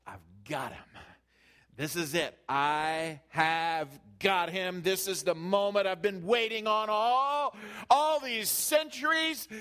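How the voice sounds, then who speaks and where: A man voicing the devil as a gloating, scheming figure, moving from a hushed whisper to loud, high triumph. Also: slow pace, clean tone, exaggerated voice. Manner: sinister gloating, whispered then swelling loud.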